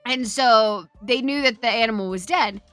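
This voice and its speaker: High, bright-voiced woman streamer, profane storyteller. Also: moderate pace, soft background music. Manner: animated, profane, laughs while telling. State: tired. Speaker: VTuber streamer.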